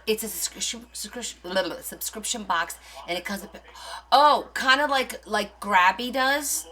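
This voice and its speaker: A woman's voice: fairly high pitch, unhurried, pushed and bright. A woman hosting a live crafting stream, chatting casually and rambling as she answers viewers' comments.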